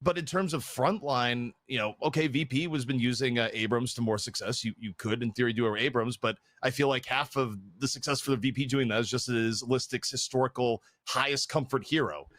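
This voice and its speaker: A man's voice: medium pitch, a little fast, hardly any pauses, fairly bright tone, no echo. A man casting an esports match, giving analytical commentary and thinking aloud with frequent restarts. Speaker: esports caster.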